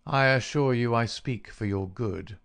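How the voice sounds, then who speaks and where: A man voicing a brisk, confident detective who speaks in an assured, emphatic way. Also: mid-range voice, vocal fry, fairly bright tone.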